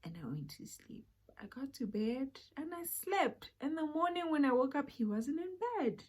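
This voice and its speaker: A young woman with a South African accent telling a personal story in a casual, animated way, sometimes dropping to a whisper. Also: high voice, moderate pace. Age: young adult. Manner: animated, drops to a whisper for asides. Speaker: vlogger.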